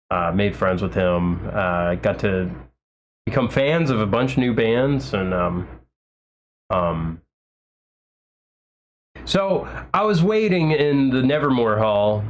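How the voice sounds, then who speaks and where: A man's voice: on the low side, lively intonation, slow pace. A man chatting casually on a livestream, rambling with lots of fillers and restarts and gushing with enthusiasm. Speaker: livestream host.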